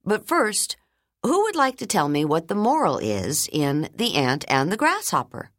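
A woman voicing a kind, patient schoolteacher in an audiobook, speaking gently and reassuringly. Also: lowish voice, huge pitch swings, unhurried, no echo, studio quality, pitched above the performer's own voice, full character voice. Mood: gentle. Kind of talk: audiobook character reading.

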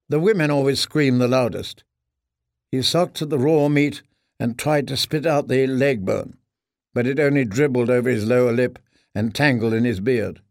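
A man reading a dark story aloud in a steady, measured narration. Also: mid-range voice, gravelly, no room sound, studio quality. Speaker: audiobook narrator. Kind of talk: scripted narration.

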